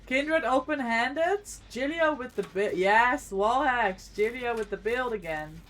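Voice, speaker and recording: A woman's voice: a little high, lively intonation, measured pace, fairly bright tone, slight background noise. Chatty woman streamer talking to chat. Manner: chatty, reacting to gameplay and greeting chat viewers. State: eating while talking. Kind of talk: casual live-stream chat while gaming.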